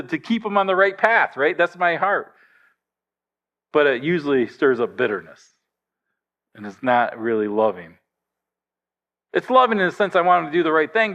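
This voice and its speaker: A middle-aged man preaching a sermon to his church in a conversational, storytelling way with gentle humor. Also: on the high side, muffled recording. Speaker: pastor.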